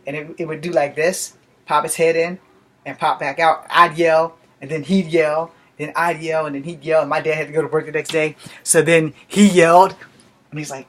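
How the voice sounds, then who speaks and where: A man in a casual vlog, telling a rambling personal story and swearing freely. His voice sits a little high for a man, and he tells the story loosely. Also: little pitch movement, normal speed. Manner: profane and rambling. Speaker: vlogger.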